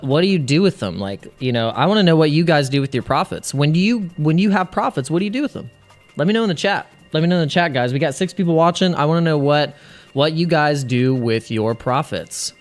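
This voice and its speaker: A man hosting a casual crypto livestream, rambling, restarting his sentences and laughing at his own jokes. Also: a little high.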